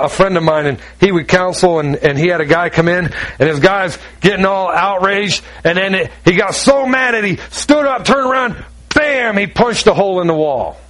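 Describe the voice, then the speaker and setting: A man's voice: high-pitched, a bit bright, poor audio. A man preaching a sermon in an emphatic, conversational way, asking rhetorical questions and acting out the people he quotes. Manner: acts out quoted voices. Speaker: pastor.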